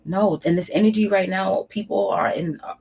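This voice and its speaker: A woman's voice: mid-range voice, steady tone, moderate pace, gravelly, a little mellow, breathy edge, low-quality recording. A woman reading tarot on her channel, giving emphatic, preachy spiritual advice straight to camera, repeating phrases for weight and swearing casually. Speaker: tarot reader and channel host.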